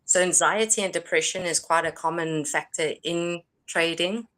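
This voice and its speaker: A woman co-hosting a casual livestream, speaking in a calm, reflective way and laughing often. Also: fairly low pitch, moderate pace.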